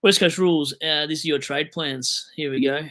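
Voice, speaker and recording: Reading out viewer comments and rambling in a self-mocking, joking way, this young Australian livestream host answers questions at a moderate pace. His voice is a little high with a fairly bright tone.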